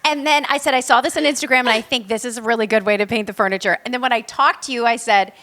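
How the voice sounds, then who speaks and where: A woman chatting as an interview guest, bubbly and quick to chime in. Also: fairly high pitch, a bit bright. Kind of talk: casual chat.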